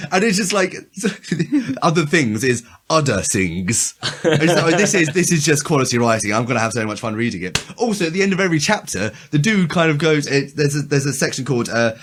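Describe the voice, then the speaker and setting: A man's voice: on the high side, big pitch swings, normal speed, fairly bright tone, husky. A man co-hosting a casual podcast chat who rambles with frequent restarts and a dry, amused, sarcastic tone. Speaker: podcast co-host.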